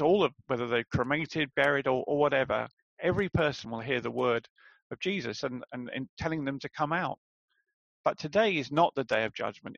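A man's voice: medium pitch, gravelly, dry recording, muffled recording. A man preaching a sermon in a conversational way, asking rhetorical questions and calling his listeners friends.

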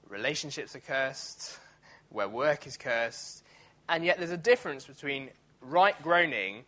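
A man delivering a sermon in a relaxed, conversational way, full of small restarts and fillers. His voice sits a touch high for a man and sounds bright and forceful. He speaks from a church. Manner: conversational, many fillers and restarts, acts out quoted grumbling. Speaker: preacher.

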